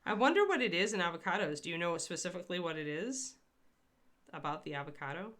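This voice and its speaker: A woman's voice: on the low side, very animated, fast talker, a bit bright. A woman hosting a casual painting demonstration, chatty and rambling as she answers viewers in a live chat. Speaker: miniature painter hosting a livestream.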